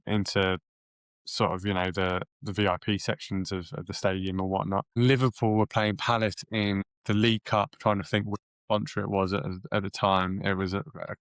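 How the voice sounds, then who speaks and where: A man co-hosting a podcast, telling a story in rambling, animated casual chat with many restarts. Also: fairly low pitch, smooth, no room sound. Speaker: podcast co-host.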